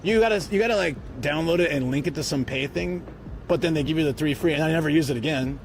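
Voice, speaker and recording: A man with a fairly high voice talks quickly over music, with slight background noise, during a travel live stream. He rambles casually and speaks directly to his viewers, first on city streets and then in a parked car.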